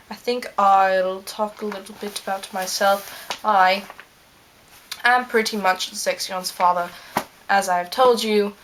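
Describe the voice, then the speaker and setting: Girl doing smug rambly scientist guy, fan vid, slow drawl, lots of ums. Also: medium pitch, fairly bright tone. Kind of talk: in-character fan video monologue.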